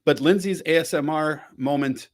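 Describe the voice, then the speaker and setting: A man's voice: a little high, normal speed. A man hosting a casual podcast, rambling with frequent restarts and the occasional swear word. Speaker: podcast host. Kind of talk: casual chat.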